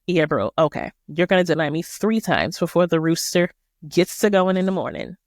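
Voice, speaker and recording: A woman voicing Jesus as a calm man who talks in casual slang. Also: on the low side, normal speed, dry recording, studio quality. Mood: teasing.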